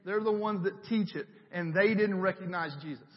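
A man with a high voice preaches in a relaxed, conversational way, hammering his points home through repeated phrases. The recording is dull and lo-fi, and his voice rings out with a long reverb that fills the church sanctuary. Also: normal speed. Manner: conversational, builds with emphatic repetition. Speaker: pastor. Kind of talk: sermon.

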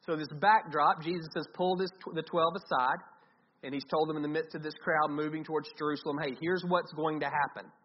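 A man's voice: a little high, flat delivery, fast talker, breathy edge. A man preaching a sermon in a conversational way, thinking aloud with restarts. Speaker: pastor. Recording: dull, slightly lo-fi with faint noise.

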